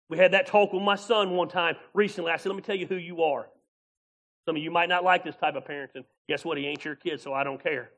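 A male pastor preaching a sermon in a folksy, animated way, laughing often and acting out different voices. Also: on the high side, fast, vocal fry. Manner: animated preaching, acts out voices of God and Moses.

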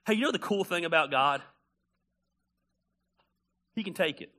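A man preaches with a slightly high voice at a moderate pace, his sermon animated and conversational. Blunt and humorous, he swings from loud bursts down to quiet asides.

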